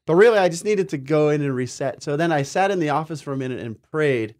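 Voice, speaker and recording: A man with a smooth, resonant voice pitched a little high co-hosts a spiritual talk show. He tells earnest, meandering personal stories in an easy conversational way. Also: lively intonation, fast, few pauses, a little mellow. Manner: earnest, rambling personal anecdotes.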